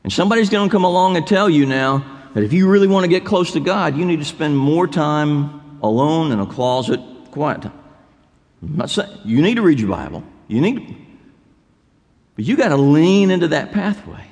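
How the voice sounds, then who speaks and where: A man's voice: a little high, big pitch swings, normal speed, darkish tone. A male pastor preaching a sermon in a church sanctuary, building to emphatic repetition. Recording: long hall reverb.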